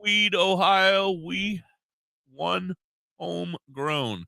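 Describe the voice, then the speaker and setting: A man's voice: high voice, extremely slow, gravelly, sharp tone, dry recording. A man co-hosting a radio talk show in casual banter, rambling and blunt. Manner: rambling, blunt, cheers and swears. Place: radio studio.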